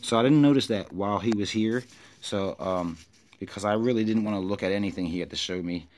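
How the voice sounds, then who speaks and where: A man casually telling a story to camera, with loose, filler-heavy slang, who gets louder and higher when he quotes himself. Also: a little fast. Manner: animated, rises when quoting himself. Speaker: vlogger recounting an encounter.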